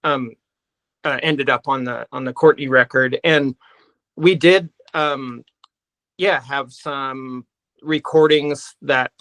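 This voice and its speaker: A man, a guest musician, answering in a halting way full of pauses and restarts. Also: medium pitch, steady tone, a bit bright, no echo, poor audio. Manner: halting, many fillers and restarts. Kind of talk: casual interview chat.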